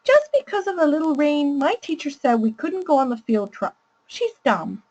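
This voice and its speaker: A woman voicing an upset young child with a high-pitched voice, complaining and sulky as the child tells a parent its problems. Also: sing-song, normal speed, a little mellow, dull audio.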